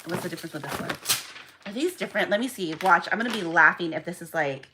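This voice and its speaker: A woman's voice: lowish voice, lively intonation, quick pace, sharp tone, slight background noise, poor audio. A young woman chatting to viewers on a live stream while packing orders at home, talking freely as she works. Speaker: small shop owner packing orders. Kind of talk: casual live-stream chat.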